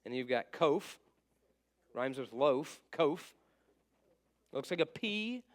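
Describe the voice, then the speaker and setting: A man's voice: fairly high pitch, expressive, takes it slowly. A man teaching a class in a casual, repetitive way, often trailing off while he writes on a board. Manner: casual, repeats letter names, writes on board while talking.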